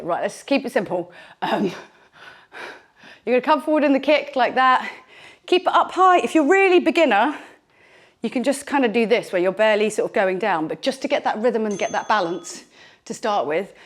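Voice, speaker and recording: A woman's voice: fairly high pitch, expressive, fairly quick. A woman leading a bodyweight workout as a fitness instructor, chatty and encouraging, a little out of breath, speaking into a clip-on mic. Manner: chatty, encouraging, jokey coaching. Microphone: clip-on microphone on her t-shirt.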